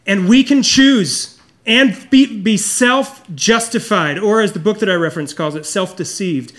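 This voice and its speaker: A man preaching a sermon as pastor, earnest and confessional, often dropping low and soft to stress a point. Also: measured pace.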